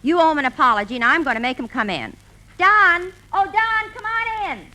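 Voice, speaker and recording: A woman's voice: very high voice, expressive, brisk, bright, forceful tone. A woman, a regular on a 1940s radio comedy show, delivering wry, sarcastic quips.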